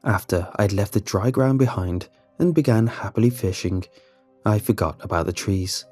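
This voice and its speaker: A man narrating a first-person horror story in a measured, steady storytelling manner. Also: lowish voice, dry recording, faint music behind.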